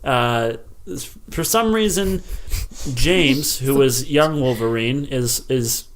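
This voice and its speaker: A man's voice: medium pitch, takes it slowly. A young man co-hosting a movie podcast, chatting casually with sarcastic jokes and frequent laughs. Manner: sarcastic, joking, laughs often. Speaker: podcast co-host. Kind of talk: casual movie review chat.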